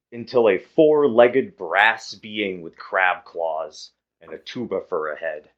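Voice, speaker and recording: A man with a lowish voice runs a tabletop game, describing each arrival at a very slow, easygoing pace with plenty of pauses. The recording is dull and lo-fi. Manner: relaxed, hesitant narration with fillers. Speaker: game master. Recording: muffled lo-fi audio.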